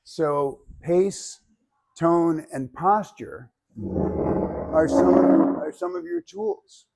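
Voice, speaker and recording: Male speaking coach, lively and chatty before students, a bit higher pitch, fry in the voice. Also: very slow, a little hiss or hum. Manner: energetic, conversational, checks in with "right?". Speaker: public speaking teacher. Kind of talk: classroom lecture. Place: classroom with live students.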